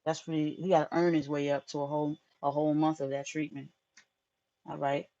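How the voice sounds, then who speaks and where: A woman's voice: low-pitched, level tone, fairly quick, warm tone, dull audio. A woman hosting a live tarot stream, chatting casually with viewers in a frank, profane way, often laughing.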